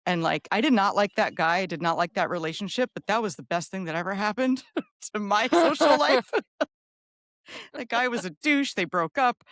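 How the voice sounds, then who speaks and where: A woman's voice: mid-range voice, expressive, normal speed, fairly bright tone, dry recording, studio quality. A middle-aged woman co-hosting a podcast, chatting casually and telling stories in which she acts out quoted lines. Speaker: podcast co-host. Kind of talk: casual chat.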